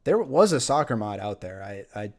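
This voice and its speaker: A man's voice: fairly low pitch, very animated, normal speed. A man live-streaming a game who is losing his voice, chatting casually, rambling with fillers and reading viewer comments aloud. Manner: rambling, reads chat aloud, many fillers. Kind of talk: casual live-stream chat while playing.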